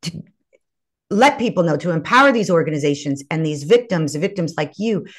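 A woman's voice: sits low, lively intonation, moderate pace. A woman hosting an interview podcast, speaking with passion and often repeating words as she builds a point. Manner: impassioned, repeats words when stirred. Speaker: podcast host.

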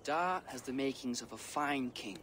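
An actor playing a defiant, sarcastic young Viking prince. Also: male voice, medium pitch, normal speed, a bit bright, slight background noise, close to an everyday voice. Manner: sarcastic, insolent.

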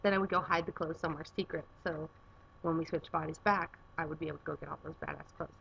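A woman's voice: low voice, steady tone, fast, gravelly, fairly bright tone, muffled recording, a little hiss or hum. A young woman chatting casually on her vlog from her garage, rambling with plenty of filler words. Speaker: vlogger. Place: home garage.

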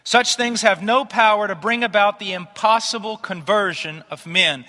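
A man's voice: sits high, normal speed, bright, forceful tone. A man preaching a sermon, emphatic and declarative. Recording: long hall reverb.

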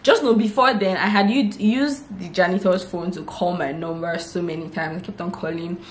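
Brief: young Nigerian woman vlogger, low voice, lively chatty storytelling, echoey room. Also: normal speed. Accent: Nigerian English. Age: 20s. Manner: lively retelling, acting out what people said. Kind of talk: casual storytelling vlog. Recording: roomy echo, faint background hiss.

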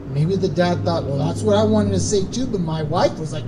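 A man preaching a sermon as pastor, animated, acting out quoted voices with emphatic rises. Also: high-pitched, moderate pace, hardly any pauses, recorded from a distance, noisy background. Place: church.

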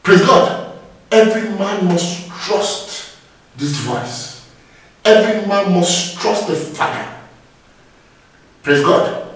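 A man's voice: high voice, animated, slow, pauses often, very echoey, far from the mic, rough recording. A man preaching a sermon, exhorting his listeners and often breaking in with praise. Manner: exhorting, repeats phrases with "Praise God".

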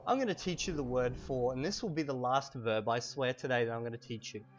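A man teaching vocabulary in a casual, chatty way while playing a game at home, repeating each word slowly for learners, a little hoarse from a cold. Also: medium pitch, muffled recording, soft background music. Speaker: language teacher. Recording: steady background noise.

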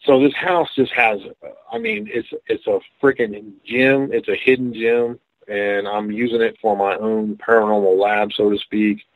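A man, a guest paranormal researcher from West Virginia, telling stories in a casual, halting way on a radio call-in. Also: on the low side, no room sound. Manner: conversational, many restarts and fillers. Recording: dry, phone-like call.

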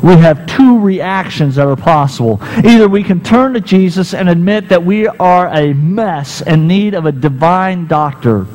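A man's voice: sits high, animated, a little slow, few pauses, darkish tone, poor audio. A male pastor preaching a sermon, telling a story and acting out the characters' lines.

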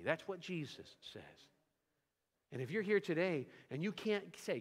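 Guest preacher, male, lively homespun storyteller, slightly high voice, long church reverb. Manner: storytelling with homespun humor, animated. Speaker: visiting pastor. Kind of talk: sermon. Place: church sanctuary.

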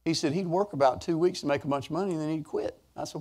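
A man preaching a sermon, telling folksy stories with sudden rises in pitch and volume. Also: quick pace, darkish tone. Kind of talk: sermon storytelling.

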